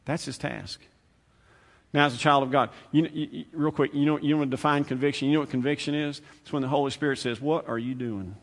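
A male preacher giving a sermon, conversational and repetitive, swinging from loud, fast bursts to hushed, slow lines. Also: on the high side, flat delivery, creaky. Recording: long hall reverb.

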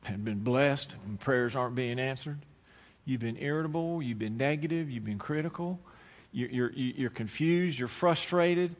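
A man's voice: mid-range voice, moderate pace. A man preaching a sermon to his church, folksy and storytelling, acting out both sides of a conversation. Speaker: pastor. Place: church sanctuary. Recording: church hall with long reverb.

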